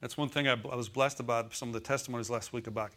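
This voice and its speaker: A man delivering a sermon in an easy, conversational manner, pitched in a comfortable middle range. He mixes homespun humor with earnest repetition and keeps drawing the congregation in with quick calls for an amen. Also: fairly even intonation, pushed and bright. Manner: conversational preaching, asks congregation for amens; folksy humor, repeats phrases for emphasis. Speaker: pastor.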